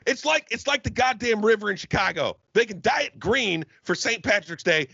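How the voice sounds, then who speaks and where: A man from Florida co-hosting a podcast, ranting with heavy swearing and bursts of shouting. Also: sits high, expressive, fairly quick, creaky, few pauses, husky, dry recording. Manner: profane, shouting rants. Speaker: podcast co-host. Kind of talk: comedic rant. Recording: slightly muffled, dry.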